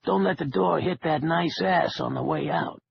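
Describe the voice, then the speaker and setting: A man doing a gravelly, crude casino boss. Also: a little high, normal speed, lo-fi sound, a little hiss or hum. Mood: sneering. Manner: insulting, sneering. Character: crude, menacing male casino owner. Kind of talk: audiobook character voice.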